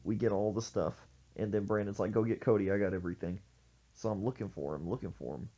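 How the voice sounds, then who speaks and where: A man hosting a podcast, telling a story in an animated, jokey way. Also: on the low side, fast, breathy edge, lo-fi sound. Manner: animated, jokey, acts out quoted voices. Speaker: podcast host. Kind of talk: casual storytelling chat.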